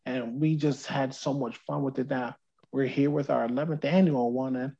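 A man's voice: mid-range voice, steady tone, normal speed, vocal fry, warm tone, breathy edge, lo-fi sound. A man from New Jersey, talking as a guest in a casual interview over a remote call, upbeat and rambling, often repeating words.

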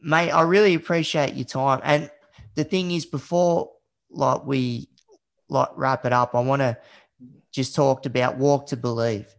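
A man's voice: medium pitch, steady tone, unhurried. An Australian man hosting a podcast interview, chatting casually and hesitantly, calling his guest "mate". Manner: friendly, says "mate", hesitant. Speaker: podcast host.

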